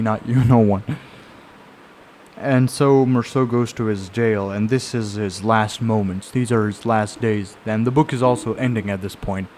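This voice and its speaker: A man's voice: medium pitch, a little mellow, a little hiss or hum. A man with a mid-range voice talks through a novel's story in a loose, conversational way. He rambles and circles back on his points, like someone sharing a book he loved. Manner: rambling, conversational storytelling with frequent fillers and restarts. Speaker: book reviewer. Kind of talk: casual spoken book summary.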